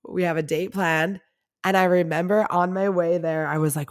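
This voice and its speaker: Chatty podcaster woman with a lowish voice. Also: steady tone, fairly quick. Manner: chatty and confessional, heavy use of "like". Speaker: podcast host. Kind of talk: candid storytelling monologue.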